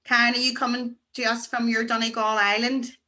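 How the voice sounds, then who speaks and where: A woman teaching to beginners over a video call, chatty and encouraging, slowing down to pronounce words. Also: on the high side, little pitch movement, pushed and bright. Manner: chatty, encouraging, slow deliberate pronunciation. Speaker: Irish language teacher. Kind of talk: online beginner class.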